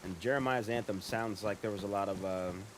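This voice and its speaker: A man's voice: on the low side, fairly quick, noisy background. Rambling, swearing man streaming a game. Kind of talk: casual live-stream chat.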